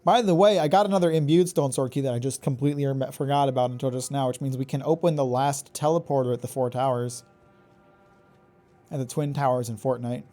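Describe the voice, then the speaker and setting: A man streaming a video game live, reacting excitably, swearing and taunting the enemies he fights. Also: mid-range voice, brisk. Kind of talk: live gameplay commentary.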